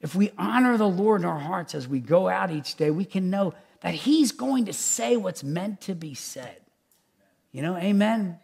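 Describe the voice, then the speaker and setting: Male pastor, high voice, gravelly edge, chatty animated sermon. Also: unhurried. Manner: animated, chatty, many fillers and asides. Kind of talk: conversational sermon.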